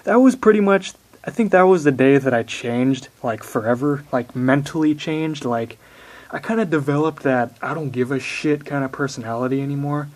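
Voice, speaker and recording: A man's voice: medium pitch, moderate pace. A young man telling a long personal story in a rambling, blunt way, swearing often. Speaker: vlogger. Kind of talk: casual storytelling to camera.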